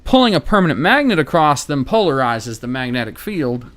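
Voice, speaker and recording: A fairly high-pitched American man talks through a laptop repair on a live stream. He is offhand and wry, swears now and then, and thinks out loud between tasks. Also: sing-song, fairly quick. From United States. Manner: casual, wry and profane, thinking aloud while working.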